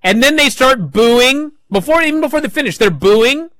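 A man hosting a wrestling talk show, recapping matches in casual chat with animated, mocking outbursts. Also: very high-pitched, normal speed, no echo, studio quality. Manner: animated, mocking, jumps to shouting. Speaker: wrestling podcast host.

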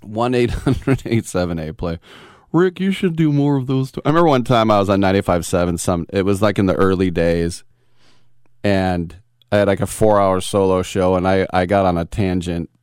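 A man's voice: deep voice, steady tone, brisk, a little mellow, clear, resonant tone, dry recording, studio quality. A middle-aged man hosting a sports talk radio show, telling rambling anecdotes with chuckles.

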